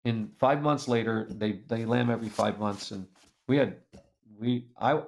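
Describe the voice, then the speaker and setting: A man telling a personal story as an interview guest, lively and earnest, acting out the people in it. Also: lowish voice, normal speed, gravelly. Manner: animated storyteller who acts out the people in his tale; earnest and reflective. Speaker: guest speaker.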